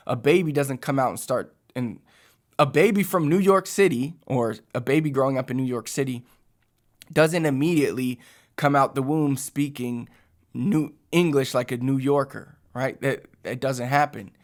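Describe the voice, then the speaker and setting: A man's voice: mid-range voice, moderate pace. A young man teaching Spanish online in a casual lesson, rambling a little as he repeats and restarts phrases while speaking straight to his viewers. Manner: conversational, addresses viewers directly. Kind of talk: casual talking-head lesson.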